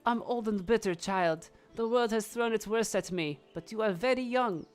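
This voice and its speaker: A woman voicing a bitter, scornful older village witch in a visual novel, with a low, drawling put-on voice and a vague accent. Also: moderate pace, soft background music, close to an everyday voice. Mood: stern. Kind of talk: reading a visual novel aloud.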